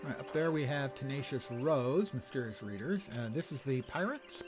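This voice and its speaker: A man's voice: medium pitch, moderate pace, hardly any pauses. An older man chatting wryly to his viewers while he plays a game. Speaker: game streamer. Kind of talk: casual gameplay commentary. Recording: loud game music behind. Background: game music.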